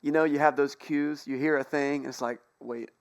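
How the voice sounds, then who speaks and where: A man preaching a sermon in a church, telling a story in a relaxed, conversational way, with playful asides and jokes. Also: fairly high pitch, brisk, clean tone. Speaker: pastor. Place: church sanctuary.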